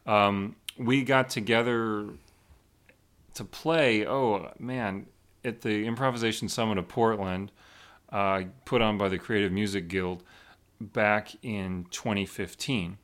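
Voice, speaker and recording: A man who plays flute, co-hosting a casual chat, talking in a halting, rambling way as he searches for words. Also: fairly low pitch, steady tone, a bit bright. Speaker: flutist and podcast co-host.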